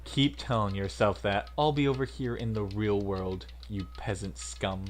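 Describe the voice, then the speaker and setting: A man voicing a haughty, wealthy young man who talks slowly and with contempt. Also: on the low side, steady tone, soft background music, natural voice. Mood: contemptuous. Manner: slow, sneering, condescending.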